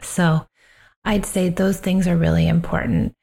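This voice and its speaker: A woman hosting a solo parenting podcast, talking in a calm, earnest and reflective way and slowing down on key phrases. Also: on the low side, vocal fry. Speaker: parenting coach and podcast host.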